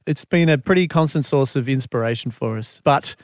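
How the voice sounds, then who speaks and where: A man's voice: medium pitch, a little fast, no room sound. Dry-humoured Scottish-born man, dry studio. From Scotland. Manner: laid-back, dry self-mocking humour. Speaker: musician guest. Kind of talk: radio interview. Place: radio studio. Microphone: studio microphone.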